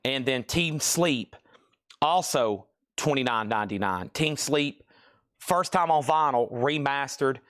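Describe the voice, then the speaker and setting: Male live-sale host, mid pitch, brisk casual price-calling, dry close sound. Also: fairly bright tone, no echo. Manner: brisk, rattling off prices and buyer names. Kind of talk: live sales patter.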